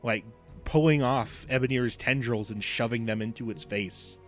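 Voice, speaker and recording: A man narrating as game master of a tabletop game, with a voice of ordinary pitch. He talks loosely, full of fillers and restarts, and faint music plays behind him. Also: moderate pace.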